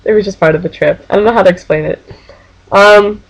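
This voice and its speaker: A woman's voice: medium pitch, lively intonation, quick pace, low-quality recording. Chatty young woman vlogging on webcam. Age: young adult. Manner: chatty and rambling, with giggles and voiced-out quotes. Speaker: Quidditch team captain. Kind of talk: casual webcam vlog.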